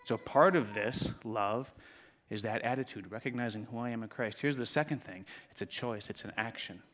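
A man preaches to his congregation in a mid-pitched voice. He sinks to soft, hushed lines and then climbs into loud, fervent proclamations. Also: normal speed. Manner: dramatic swings from hushed to shouting. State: out of breath. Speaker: pastor. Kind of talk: sermon.

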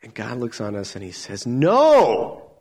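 A man preaching a sermon, animated, swinging from loud emphatic lines to soft near-whispers. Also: on the low side, a little fast, husky.

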